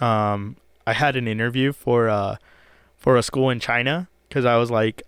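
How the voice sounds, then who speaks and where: A man's voice: medium pitch, steady tone, moderate pace, a bit bright, smooth, no room sound, studio quality. A man from El Paso, Texas, co-hosting a podcast in casual, swear-filled chat, telling stories with lots of fillers. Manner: loose, profane, storytelling with many fillers. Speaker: podcast co-host.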